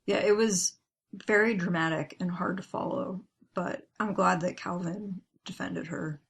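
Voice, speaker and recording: A woman co-hosting a fan podcast, reading tweets aloud in casual, animated chat with frequent laughs. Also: lowish voice, a little slow, husky. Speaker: podcast co-host.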